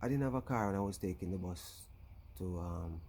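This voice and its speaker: A man's voice: deep voice, fairly quick, mellow, slight background noise. A man with a Jamaican accent, vlogging a rambling casual story on his channel and filling it with "you know.". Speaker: YouTuber.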